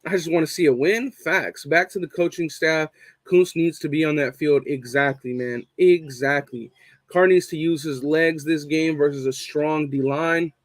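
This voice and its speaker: A man's voice: a little high, fairly even intonation, moderate pace, no room sound. A young man hosting a casual live fan stream, swearing a lot and repeating his points for emphasis. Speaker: fan show host reading live chat.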